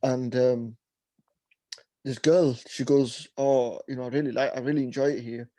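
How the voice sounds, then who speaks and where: A man's voice: mid-range voice, fairly even intonation, normal speed, mellow, no room sound. A man with a Bradford Yorkshire accent, co-hosting a casual podcast and telling stories, mimicking other people's voices. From England. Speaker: podcast co-host. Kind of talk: casual chat.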